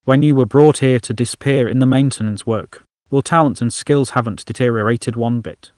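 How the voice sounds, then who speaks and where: A man's voice: mid-range voice, normal speed, no room sound, clean studio sound, natural voice. A man voicing a wounded male alien who talks through coughs and rising panic. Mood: strained. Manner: shouting, coughing.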